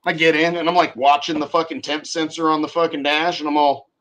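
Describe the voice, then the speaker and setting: A man's voice: fairly high pitch, level tone, brisk, fairly bright tone. A young man in casual podcast chat about car audio, rambling and profane with many fillers and restarts.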